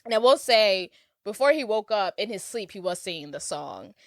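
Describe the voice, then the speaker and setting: A woman's voice: mid-range voice, animated, normal speed, no room sound, studio quality. A woman co-hosting a podcast, casually recapping a movie scene by scene in a chatty, filler-heavy way. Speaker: podcast co-host.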